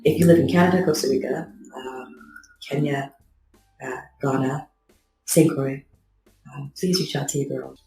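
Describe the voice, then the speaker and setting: A woman's voice: a bass voice, moderate pace, pauses often, dark tone, roomy sound, soft background music, poor audio. A woman co-hosting a podcast, talking casually with dry, self-deprecating wit. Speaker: podcast co-host.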